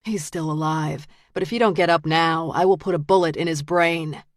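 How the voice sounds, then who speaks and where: A woman doing a cold, soft-spoken killer cop. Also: low-pitched, normal speed, no echo, clean studio sound, natural voice. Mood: cold menace. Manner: quiet, flat, menacing. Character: cold, calm murderous male detective.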